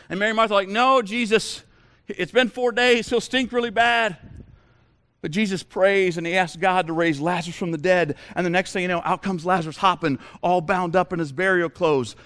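A man's voice: high-pitched, fairly bright tone, clear, resonant tone. A man preaching a sermon as a pastor, emphatic, with repeated rhetorical questions.

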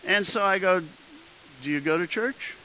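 A man's voice: high-pitched, normal speed, pushed and bright, a little hiss or hum, poor audio. A man preaching as a pastor, telling a personal story in a conversational way with frequent restarts and building to emphatic exhortation. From Midwestern United States. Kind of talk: sermon storytelling.

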